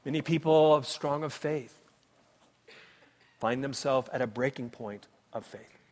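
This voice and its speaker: A man preaching a sermon as pastor, impassioned, swinging between loud cries and hushed tones. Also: medium pitch, measured pace. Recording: long reverb of a large hall.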